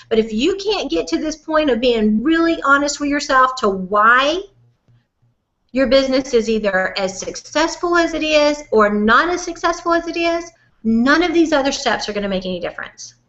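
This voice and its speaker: A woman with a Southern accent coaching a webinar audience in a lively, folksy, direct way. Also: sits high, dull audio. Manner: animated, folksy and direct, calls listener "honey". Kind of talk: motivational webinar talk.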